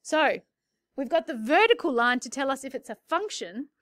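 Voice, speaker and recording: A woman's voice: sits high, very animated, moderate pace, a bit bright, dry recording. A woman teaching maths in a recorded lesson, playful and chatty with jokey asides.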